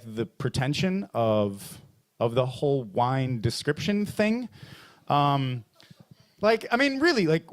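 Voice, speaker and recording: A man emceeing a comedy open mic in a bar, with a fairly high voice that swings widely up and down. He rambles through his set with plenty of fillers and restarts, then dips low for pompous impressions and jumps high for mock outrage. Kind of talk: stand-up comedy.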